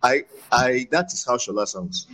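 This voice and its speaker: A man's voice: mid-range voice, lively intonation, normal speed, pushed and bright, rough recording. A man, a guest in an interview, talking emphatically and repeating his points for stress. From Nigeria. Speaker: voice acting guest. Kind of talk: conversational interview.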